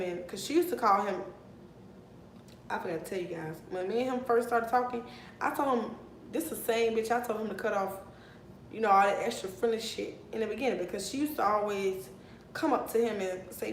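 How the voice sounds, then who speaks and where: A young woman telling a heated storytime vlog, animated and profane, recorded in an echoey room with a faint rumble. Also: a little fast. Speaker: vlogger.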